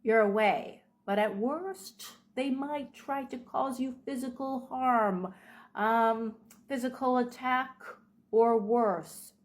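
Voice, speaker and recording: A woman talking in a casual advice vlog, unhurried, with frequent ums and restarts. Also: fairly high pitch. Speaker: video creator.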